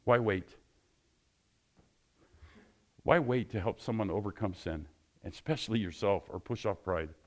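A male pastor preaching with passion, closing his sermon in prayer and getting louder and higher when excited. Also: a little fast. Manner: passionate, rising loud and high when excited.

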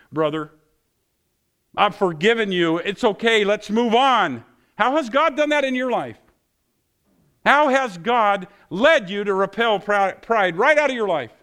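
Fervent male pastor preaching. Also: clear, resonant tone. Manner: passionate, rising loud and high when excited. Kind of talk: sermon and closing prayer.

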